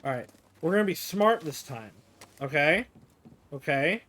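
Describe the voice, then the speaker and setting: Slow-talking man streaming a game. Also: fairly high pitch, lively intonation, a bit bright. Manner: joking, laughs at his own play. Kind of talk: live gameplay commentary.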